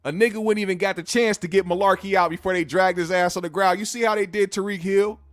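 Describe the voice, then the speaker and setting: Blunt, profane, high-voiced male podcast host. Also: steady tone, fast talker, dry recording, clean studio sound. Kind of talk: casual opinion rant.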